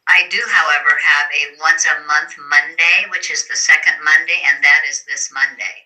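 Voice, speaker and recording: Bright-voiced participant on a phone call. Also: medium pitch, steady tone, moderate pace. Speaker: group participant. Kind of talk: casual chat on a video call. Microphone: phone on a video call.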